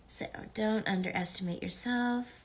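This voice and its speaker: A woman's voice: mid-range voice, a little slow, a little hiss or hum. Bubbly chatty woman signing autographs. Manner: chatty and bubbly, reading comments aloud, many ums. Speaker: voice actress signing autographs on a live stream. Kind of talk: casual live-stream chat while signing.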